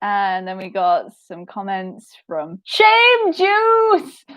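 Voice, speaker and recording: A woman's voice: mid-range voice, huge pitch swings, drawn-out words, fairly bright tone. A young woman writing an audio drama podcast, chatting casually through audience questions on a livestream with a giggly, self-deprecating manner.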